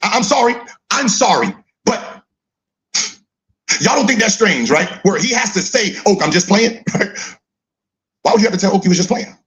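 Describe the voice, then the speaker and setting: A middle-aged man with a high, lively, bouncing voice mocks a play in casual commentary. He laughs a lot and keeps prodding with "huh?". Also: moderate pace, pauses often. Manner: teasing, laughs often, repeats "huh?". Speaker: podcast co-host reacting to clips.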